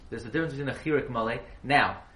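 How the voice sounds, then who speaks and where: A man's voice: medium pitch, racing. A man giving a halacha class, questioning his students and spelling words out letter by letter. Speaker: Torah teacher. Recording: echoey room, faint hiss.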